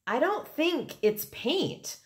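A woman voicing a calm, sensible mother in a read-aloud storybook, patient and matter-of-fact. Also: high voice, takes it slowly, voice pushed up, heavily acted.

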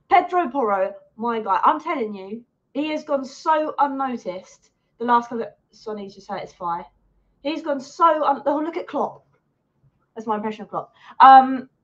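A woman hosting a live watch-along of a match, excitable and swearing as she heckles the players and the referee. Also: a little high. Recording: dull lo-fi sound.

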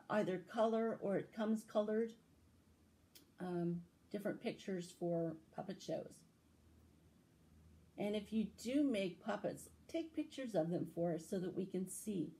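A woman who tells stories to children at a library, reading a fairy tale aloud and giving tips in slow, expressive, sing-song storytelling. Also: mid-range voice, low-quality recording.

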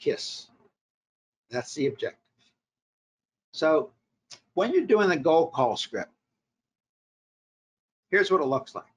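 A man's voice: a little high, big pitch swings, slow pace, long pauses, slightly rough. A man, a marketing professor, leading a recorded workshop lecture, speaking in short punchy directives and rhetorical questions.

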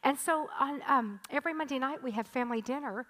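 Lady pastor in her 60s preaching, high voice, gets really emphatic and lively. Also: fast, rough recording. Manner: animated, emphatic preaching with rising intensity. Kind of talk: sermon. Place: church stage.

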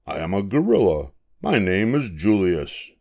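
An older man voicing a polite, good-natured male gorilla in a storybook, calm, slow and friendly. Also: low-pitched, gravelly, exaggerated voice.

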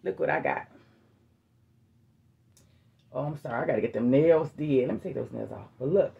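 A woman's voice: rumbling low, lively intonation, normal speed, creaky, muffled recording. A woman giving a casual, emphatic sermon to her online viewers, calling them family in a folksy way. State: out of breath. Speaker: online preacher. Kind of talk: casual prophetic sermon vlog.

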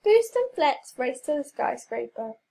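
A woman reading a children's story aloud, clear and expressive. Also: high-pitched, a little slow, low-quality recording.

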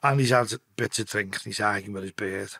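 A man's voice: lowish voice, fast talker, creaky, bright, forceful tone. A man with a Liverpool accent, telling blunt, profanity-laced stories as a podcast guest and often restarting his sentences. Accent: Liverpool (Scouse). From Liverpool, England. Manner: blunt, heavy swearing, restarts mid-sentence. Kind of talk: casual storytelling.

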